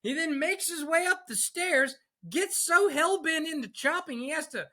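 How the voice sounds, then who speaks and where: Man, podcast co-host, wry, chuckling, lively pitch, casual chat. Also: normal speed. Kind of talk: casual chat retelling a film.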